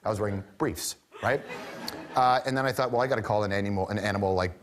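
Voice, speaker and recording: A man hosting a TV talk show, telling a comic story about himself in an animated, self-mocking way with quick asides. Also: fairly low pitch, slight background noise.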